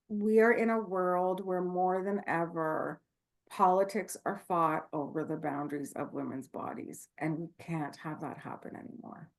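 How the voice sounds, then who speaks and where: A woman midwife speaking passionately and candidly on a video call, with many fillers and restarts. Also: fairly low pitch. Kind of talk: online talk Q&A, casual.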